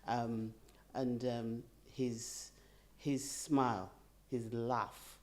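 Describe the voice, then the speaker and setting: A middle-aged woman telling a personal story in a group conversation, animated and laughing as she talks. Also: very deep voice, very slow. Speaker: bereaved participant.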